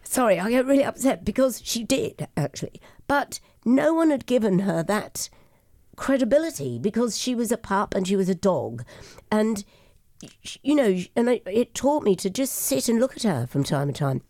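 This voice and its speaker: A woman hosting a chat, talking in a rambling, halting way and getting emotional. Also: medium pitch, very animated, mellow, no echo, clean studio sound. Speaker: host. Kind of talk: casual chat.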